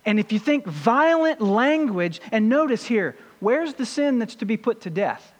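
Preacher with lively, swinging delivery. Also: medium pitch, moderate pace, big-room sound. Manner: emphatic, asks the congregation rhetorical questions. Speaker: pastor. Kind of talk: sermon.

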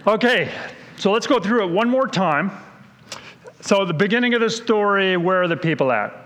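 Higher-voiced man quizzing a class in a hall. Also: animated, moderate pace, fairly bright tone, slight background noise. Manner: quizzing, conversational, explains as he goes. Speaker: Bible teacher. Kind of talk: question-and-answer Bible story review. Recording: long hall reverb.

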